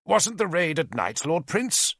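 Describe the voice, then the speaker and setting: A man's voice: on the high side, very animated, a little slow, a bit bright, husky, dry recording, clean studio sound, pitched above the performer's own voice, heavily acted. A man voicing an impatient, troubled old bishop who questions sharply. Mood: doubting.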